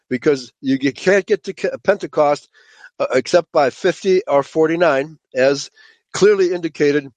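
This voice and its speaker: A man with a fairly high voice teaches a Bible study lecture to a group. He speaks emphatically, stresses his points, and keeps checking in with his listeners. The sound is dry and close, with no room echo. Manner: emphatic, checks in with frequent "okay?"; addresses listeners as "folks".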